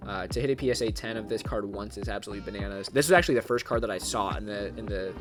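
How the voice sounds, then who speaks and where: A man vlogging casually about graded trading cards, talking fast and chatty and breaking into excited shouts. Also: mid-range voice. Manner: excitable, bursts into loud shouting at good pulls. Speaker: card collecting YouTuber. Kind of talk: casual unboxing vlog.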